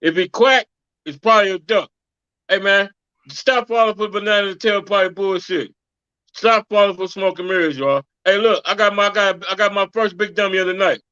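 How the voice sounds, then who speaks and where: A man's voice: high voice, moderate pace, pushed and bright, smooth, no room sound, dull audio. A man co-hosting a podcast in casual, profane chat, ending many lines with "man.". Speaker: podcast co-host.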